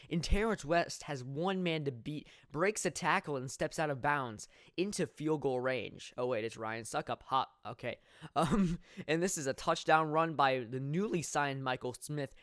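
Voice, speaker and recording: A young man commentating his own football video game in a mock sports play-by-play style, jokey and laughing at his plays, swelling with excitement on big moments. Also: a little high, moderate pace, dry recording, clean studio sound. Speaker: gameplay commentator.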